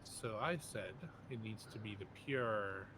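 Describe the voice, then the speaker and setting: A man's voice: lowish voice, measured pace, fairly bright tone, a little hiss or hum. A man co-playing a game, chatting casually with brief, dry remarks. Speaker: co-player. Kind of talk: casual gameplay chat.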